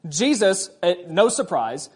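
A man's voice: sits high, very animated, measured pace, breathy edge. A man preaching a sermon, conversational, with frequent rhetorical questions to the congregation. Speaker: pastor.

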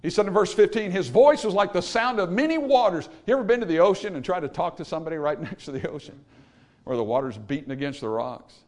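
A man preaching a sermon to a congregation, swinging from hushed, low passages to loud, emphatic ones and asking rhetorical questions. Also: animated, fast talker.

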